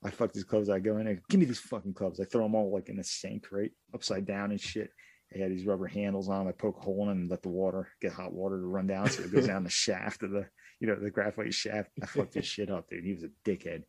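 A man co-hosting a casual podcast, telling profane, animated stories from his youth. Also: low voice, fast, breathy edge, dry recording. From Pittsburgh area. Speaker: podcast co-host. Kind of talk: casual storytelling chat.

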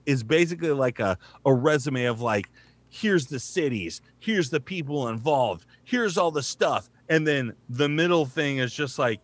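A man's voice: a little high, no room sound. Rambling man telling work stories, very dry sound. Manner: rambling, animated, full of "like" and mock voice-over reads. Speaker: voice-over artist. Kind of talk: casual storytelling chat.

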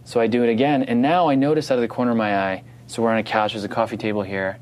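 A man from New Jersey tells a story in casual chat, rapid-fire and animated, laughing and acting out other people's voices. His voice is mid-range.

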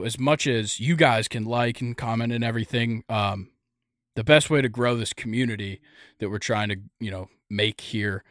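A man's voice: medium pitch, fairly bright tone, dry recording, clean studio sound. A young man hosting a casual sports podcast, rambling and joking with lots of fillers. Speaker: podcast host.

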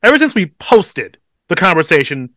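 Animated, swearing man telling a story. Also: sits high, moderate pace, dry recording, clean studio sound. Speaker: podcast co-host. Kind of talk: casual storytelling chat.

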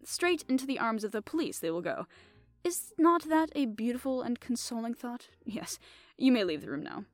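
A woman reading aloud, voicing a fussy, polite middle-aged male detective who speaks with courteous, soft reproof. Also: on the high side, sing-song, normal speed, dry recording, faint music behind. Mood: explaining.

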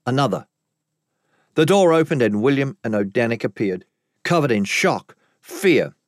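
A man narrating a story in the first person with dramatic, expressive delivery. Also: mid-range voice, moderate pace, dry recording. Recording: dry close recording.

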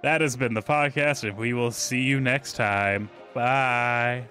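A man's voice: mid-range voice, steady tone, takes it slowly, bright, forceful tone, soft background music. A man hosting a casual podcast, joking around with his co-hosts before wrapping up the episode. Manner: joking, wraps up plainly. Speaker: podcast host.

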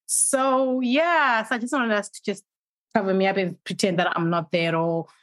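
A woman hosting a casual chat, telling her stories in an animated way and acting out her own inner voice. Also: medium pitch, normal speed, no echo. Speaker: host.

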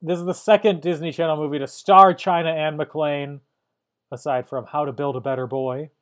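A man's voice: on the high side, steady tone. A man hosting a podcast, dryly reviewing a movie and reading trivia with wry asides. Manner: dry, wry, reads trivia haltingly. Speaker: podcast host. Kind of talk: casual movie review chat.

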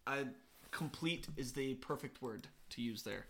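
A man's voice: medium pitch, a little slow, a bit bright. A young man co-hosting a sports podcast, chatting enthusiastically and laughing often. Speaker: podcast co-host. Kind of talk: casual sports chat.

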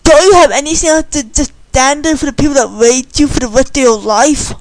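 A woman's voice: high voice, brisk, no echo. A woman voicing a harsh, bullying male rancher in a storybook reading, with a barking, bossy delivery. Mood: gruff.

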